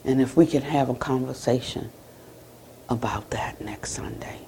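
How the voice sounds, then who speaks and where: An American woman Buddhist teacher giving a conversational dharma talk at a retreat center, retelling conversations and closing with a soft blessing. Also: rumbling low, normal speed, gravelly, a little hiss or hum.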